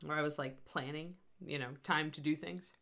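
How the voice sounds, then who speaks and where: A woman's voice: low-pitched, steady tone, moderate pace, vocal fry, fairly bright tone. Chatty, scattered woman host. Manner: chatty, self-deprecating, scattered. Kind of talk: live painting tutorial chat.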